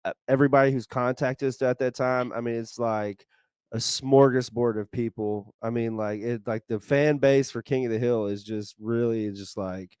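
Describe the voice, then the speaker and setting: A man co-hosting a podcast, chatting in a relaxed, rambling way. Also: mid-range voice, normal speed, smooth, no echo. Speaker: podcast co-host. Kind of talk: casual podcast chat.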